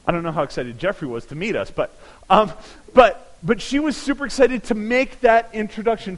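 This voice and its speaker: A man's voice: sits high, lively intonation, brisk. A man from California preaching a sermon, telling a story with animation and building to emphatic peaks. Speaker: pastor. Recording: long hall reverb.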